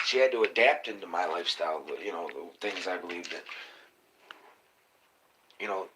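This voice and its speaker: A man, hosting a live stream and ranting excitably about conspiracies, cursing often and calling to viewers as y'all. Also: on the low side. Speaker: livestream host. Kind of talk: casual live-stream rant. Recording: noisy live-stream audio.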